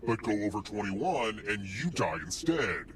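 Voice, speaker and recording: Gleefully murderous game-show host. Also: male voice, lowish voice, very animated, normal speed, background noise. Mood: menacing. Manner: cheerfully menacing, announcer delivery. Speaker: game announcer.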